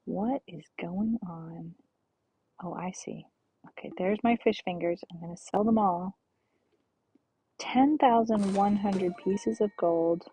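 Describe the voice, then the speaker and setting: A woman streaming a relaxed game, talking slowly and softly, often half-whispering as she goes. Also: medium pitch, no room sound. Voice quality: gravelly, husky. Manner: slow, soft-spoken, often half-whispered. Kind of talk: relaxed gameplay commentary.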